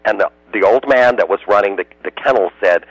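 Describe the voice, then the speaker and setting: American guy on a radio interview, lowish voice, dry sound, storytelling and getting emotional. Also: fairly quick, dry recording, lo-fi sound. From United States. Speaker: guest.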